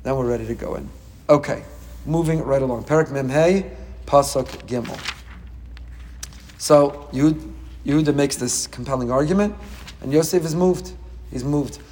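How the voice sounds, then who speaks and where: A middle-aged man teaching a Torah class as a rabbi, dramatic and animated, with quick humorous asides. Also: medium pitch, in a large hall, a little hiss or hum.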